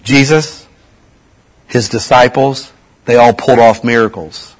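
A man's voice: mid-range voice, fairly even intonation, measured pace, rough recording. A man preaching a sermon in a conversational way, asking his audience rhetorical questions.

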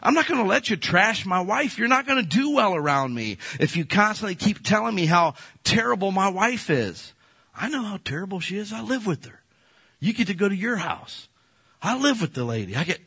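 A man preaching a sermon as a pastor, folksy and animated, often slipping into playful quoted voices. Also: high-pitched, normal speed, creaky, breathy edge, no echo.

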